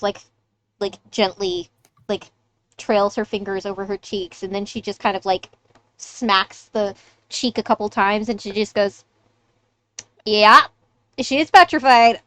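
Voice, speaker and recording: A woman running a tabletop game as game master, narrating casually with lots of fillers. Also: medium pitch.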